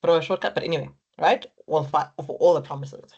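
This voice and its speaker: Woman lecturer, low voice, encouraging, walks students through steps. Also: a little fast, creaky, darkish tone, husky, lo-fi sound. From Africa. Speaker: accounting lecturer. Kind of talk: exam technique lecture.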